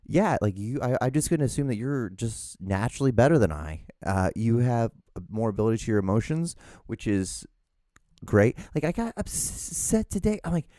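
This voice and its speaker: Hosting a solo podcast, a man rambles casually, pokes fun at himself, swears freely, and acts out both sides of his conversations. His mid-range voice is mellow and sing-song at a moderate pace, recorded in studio quality with no room sound.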